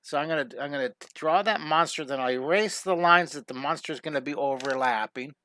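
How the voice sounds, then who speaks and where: A man's voice: a little high, brisk, bright, forceful tone, no echo, clean studio sound. A man hosting a live online drawing lesson, chatty and upbeat, talking through each step as he draws and often restarting his sentences. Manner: frequent restarts and self-corrections. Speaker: drawing teacher and show host.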